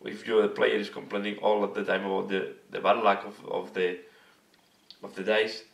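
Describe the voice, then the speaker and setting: A hoarse man hosting a hobby video channel, talking casually and earnestly to camera and searching for his words. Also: fairly low pitch, flat delivery, moderate pace. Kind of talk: casual vlog talk to camera. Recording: echoey room, mic at a distance.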